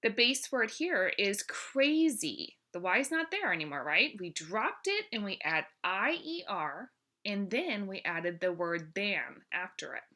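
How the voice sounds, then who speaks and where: A woman teaching a grammar lesson, speaking clearly and encouragingly and drawing out each example word. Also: medium pitch, sharp tone.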